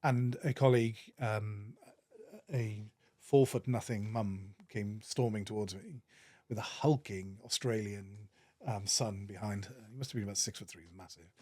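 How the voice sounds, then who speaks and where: Low-voiced Welsh man telling stories. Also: moderate pace, dry recording, clean studio sound. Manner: earnest, animated storyteller with frequent restarts. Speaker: podcast guest, managing director. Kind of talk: casual interview storytelling.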